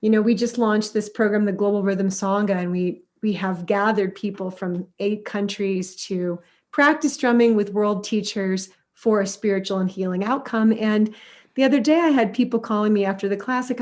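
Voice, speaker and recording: Animated middle-aged woman music therapist. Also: mid-range voice, moderate pace. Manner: animated, storytelling with acted-out quotes. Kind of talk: conversational interview answers.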